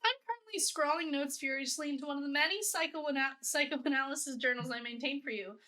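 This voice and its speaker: A woman's voice: high voice, fast talker, bright, forceful tone. A woman co-hosting a casual webcomic read-along, playful and jokey, swearing freely. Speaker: co-host. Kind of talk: casual chat, reading a webcomic aloud.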